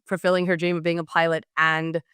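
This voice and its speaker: A woman panelist with a lowish, very clear, crisp voice and a dry, close sound. She chats casually on a news show, gushing and animated, with filler words everywhere. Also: brisk, dry recording. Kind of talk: casual chat.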